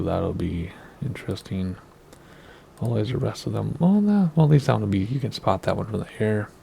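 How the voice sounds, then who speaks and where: Gravelly low-voiced man, chatty game host. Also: dark tone. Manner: chatty, rambling, wavers over pronunciations. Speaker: flight sim video host. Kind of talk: casual gameplay commentary.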